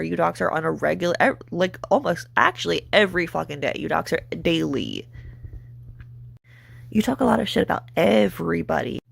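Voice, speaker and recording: A woman delivers a profane, mocking commentary rant with heavy vocal fry. Her voice sits a little low, and her tone stays sarcastic and cutting throughout. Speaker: commentary channel host.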